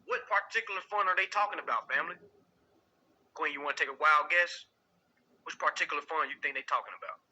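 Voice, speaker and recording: A male instructor with a husky, strained edge in his voice and a very bright, sharp tone. He reads a legal text aloud, then breaks it down in a loose, direct way, calling his listeners family and putting questions to them. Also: on the high side, fast talker, long pauses, muffled recording.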